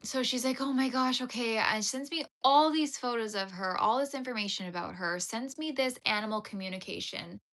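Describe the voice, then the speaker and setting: A woman's voice: fairly high pitch, brisk, hardly any pauses. A young Canadian woman hosting a crochet livestream, chatting casually as she tells a long rambling story and acts out the people in it. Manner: rambling, animated retelling with quoted voices.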